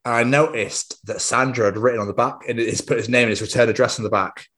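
A young man, co-hosting a podcast and chatting casually, an excitable storyteller who swears freely. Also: mid-range voice, fast talker. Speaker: podcast co-host. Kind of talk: casual chat.

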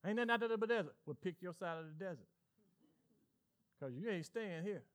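A male pastor with a Southern US accent, preaching an animated sermon and acting out voices in call-and-response style. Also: high voice, fairly quick. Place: church sanctuary with congregation.

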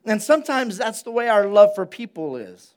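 Speaking at an ordinary pace in a high-pitched voice, a male pastor preaches conversationally during a church service. Phrases come back again and again for emphasis, and the congregation calls back to him.

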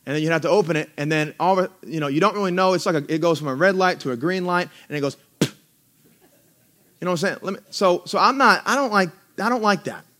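A man preaching a sermon as pastor, mixing conversational asides with rising, drawn-out emphasis. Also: high-pitched, a bit bright. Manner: conversational asides with self-deprecating laughs.

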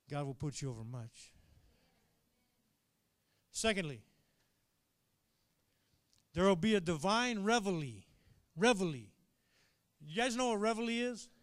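A man preaching a sermon to his congregation, animated, calling out for amens and swinging between quiet asides and shouted high points. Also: no room sound. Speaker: pastor.

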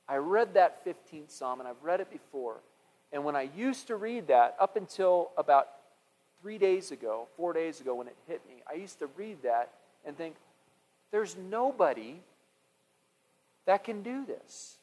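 A man preaching a sermon, impassioned, swinging from loud declarations to hushed, intimate prayer. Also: on the high side, sing-song, a little slow. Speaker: pastor. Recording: long hall reverb.

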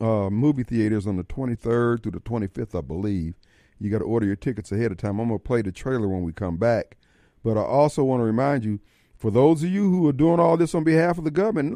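A man's voice: medium pitch, warm tone, no room sound, clean studio sound. A man hosting a radio talk show, folksy and fiery, taking callers and giving warnings. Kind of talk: talk radio monologue and call-in.

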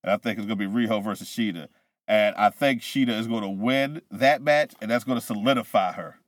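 A man's voice: on the low side, fairly quick, no echo. A man co-hosting a casual wrestling podcast, thinking aloud and guessing at outcomes. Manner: speculative, thinks aloud with restarts. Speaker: podcast co-host.

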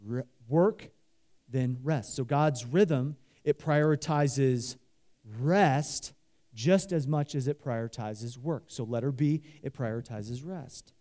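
A male pastor with a medium-pitched voice preaches slowly but with animation, drawing the congregation into call-and-response. He speaks loosely, with frequent fillers and false starts.

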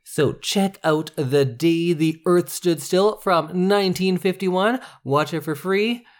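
A man hosting a casual podcast, talking in a relaxed, informative way. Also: sits high, slow pace. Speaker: podcast host.

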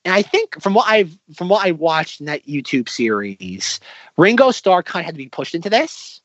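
A man's voice: fairly high pitch, very animated, moderate pace, a bit bright, no room sound. A man co-hosting a podcast in casual chat, rambling with lots of restarts. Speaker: podcast co-host. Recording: slightly dull, lo-fi recording.

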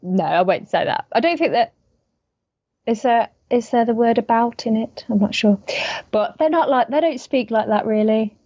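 A woman's voice: fairly high pitch, moderate pace, warm tone, no echo, lo-fi sound. A British woman, an actress, chatting casually in an interview, laughing often and rambling as she thinks. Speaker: actress, guest.

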